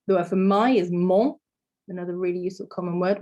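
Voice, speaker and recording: A woman's voice: lowish voice, steady tone, a little fast, darkish tone. Patient woman teaching phonics. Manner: explains patiently, models sounds for repetition. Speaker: language teacher. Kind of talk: phonics lesson.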